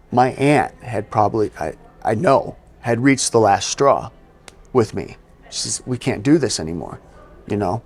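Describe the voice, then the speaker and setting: Low-voiced man telling his story. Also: a little mellow. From US East Coast. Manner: conversational, sprinkles in "you know" and acts out quotes. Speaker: podcast guest. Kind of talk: casual storytelling in an interview.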